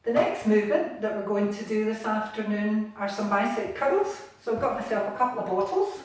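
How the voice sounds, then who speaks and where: A woman's voice: mid-range voice, fairly quick. Encouraging Scottish woman leading an exercise class. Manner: encouraging, gentle instructions. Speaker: exercise instructor. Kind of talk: guided seated exercise class. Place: bathroom at home. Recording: echoey room, distant mic, faint noise.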